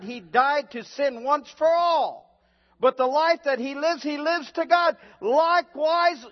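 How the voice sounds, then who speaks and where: A pastor preaching a sermon and reading scripture, emphatic and building to shouts, with slow, drawn-out reading of the verses. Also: male voice, very high-pitched. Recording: dull lo-fi sound in a reverberant hall.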